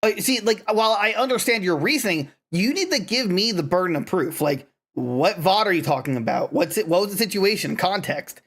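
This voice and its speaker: A man's voice: high voice, expressive, fairly quick, few pauses, a bit bright. A man co-hosting a casual gaming podcast who rambles, restarts his sentences and swears when he gets worked up. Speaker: podcast co-host. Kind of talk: casual chat.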